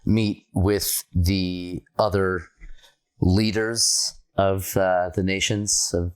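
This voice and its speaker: A woman's voice: rumbling low, level tone, drawn-out words, a little mellow, smooth. A woman playing a tabletop game, joking and stammering through casual chat. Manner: jokey, stammers with repeats. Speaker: player.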